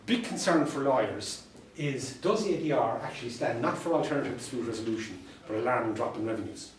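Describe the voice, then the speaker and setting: A man's voice: mid-range voice, lively intonation, quick pace. Irish man telling dry-humoured stories from afar. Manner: storytelling with dry humour and repeated punchlines. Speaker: solicitor and mediator giving a talk. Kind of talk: anecdotal presentation to a professional audience. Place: meeting room. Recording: distant mic in an echoey room.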